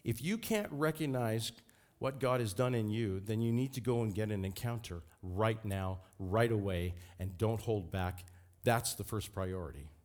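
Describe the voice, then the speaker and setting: A man's voice: on the low side, moderate pace, darkish tone. A man preaching a sermon as pastor, fervent and emphatic.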